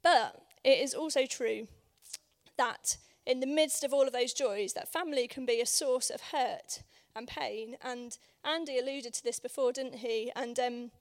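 Hoarse woman giving a chatty sermon. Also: sits high, unhurried. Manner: conversational, many ums, asks the room for agreement. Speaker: guest preacher. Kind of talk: informal sermon. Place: church service.

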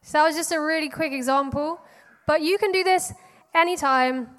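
A high-voiced woman guides a congregation of children through simple prayer prompts, encouraging and unhurried. Her voice rings out with a long reverb in a church hall. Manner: bright, encouraging, paced with pauses.

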